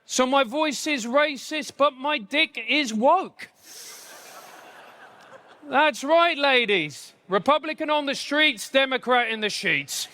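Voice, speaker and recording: English stand-up comic, high and bright, punchy self-mockery. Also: male voice, expressive. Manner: punchy, self-mocking delivery with quick asides. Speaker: stand-up comedian. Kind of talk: live stand-up comedy.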